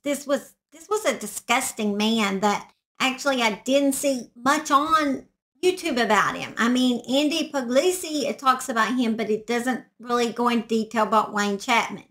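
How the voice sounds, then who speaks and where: A woman's voice: on the high side, fairly bright tone. A woman telling a true crime story in a casual, rambling way, often sidetracked. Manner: chatty, rambling, easily sidetracked. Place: backyard shed.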